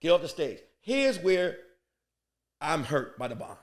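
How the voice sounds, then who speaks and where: A man from Queens, New York, a guest comedian, telling a lively comic story on a podcast and acting out other people's voices. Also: fairly high pitch, a little slow.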